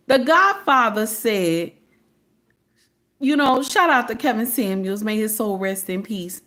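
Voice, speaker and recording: This livestream host, a woman in her forties with a Southern US accent, has a slightly high, pushed and bright voice that is expressive at a measured pace. She preaches casually and sassily, speaking straight to viewers with "baby" and "okay?".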